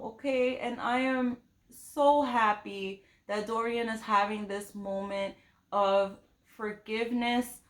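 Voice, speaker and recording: In an echoey room, a woman book vlogger with a mid-range, slightly bright voice chats about a novel she's reading. It's casual, emotional reading-vlog talk, rambling and full of fillers.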